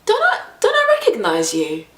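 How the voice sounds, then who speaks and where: Lady doing a pushy chuckly guy, way up high, echoey room. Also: huge pitch swings, normal speed, fairly bright tone, heavily acted. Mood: insistent. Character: insistent man passenger in a shared car.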